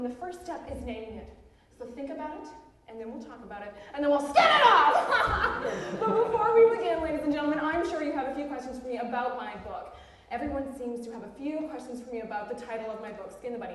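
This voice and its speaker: An actress playing a brash, pushy self-help author on a theatre stage, talking with giggly, nervous laughs. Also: female voice, fairly high pitch, lively intonation, quick pace, darkish tone, slight background noise, natural voice. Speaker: self-help author giving a book talk. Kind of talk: live stage theatre monologue. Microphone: far room mic in the audience. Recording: echoey, distant theatre hall recording.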